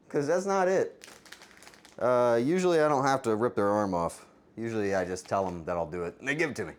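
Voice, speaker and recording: A man's voice: mid-range voice, expressive, brisk, clear, resonant tone. A man hosting a live cooking stream, chatting with viewers in a playful, teasing way. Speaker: streamer, cooking show host.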